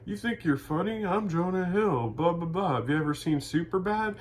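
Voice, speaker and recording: A man's voice: high voice, expressive, moderate pace, a little hiss or hum, voice pushed up. A man putting on the voice of an obnoxious, smug actor who taunts him at a bar. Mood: mocking.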